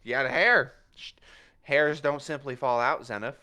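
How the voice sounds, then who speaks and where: A man narrating a tabletop game as game master, animated and casual, laughing and swearing as he talks. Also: mid-range voice, moderate pace.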